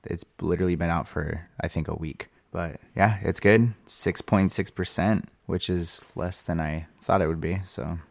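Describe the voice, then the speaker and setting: Very deep, dry-sounding laid-back man. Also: fairly even intonation, moderate pace, creaky, hardly any pauses, no room sound. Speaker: podcast co-host. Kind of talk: casual chat.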